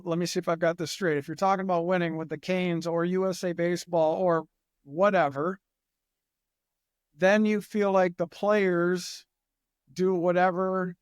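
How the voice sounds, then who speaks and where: A man's voice: sits high, clear, resonant tone, no echo, clean studio sound. A man hosting a podcast, asking questions with eager enthusiasm. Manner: enthusiastic, thinking aloud in questions. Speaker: podcast host. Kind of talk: casual interview chat.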